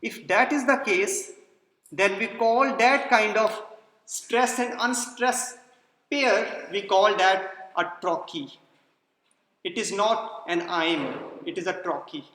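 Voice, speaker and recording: A man's voice: high-pitched, slow, sharp tone, a little hiss or hum. A man giving a classroom lecture, explaining patiently, repeating key points and checking whether students follow. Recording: echoey hall, long reverb.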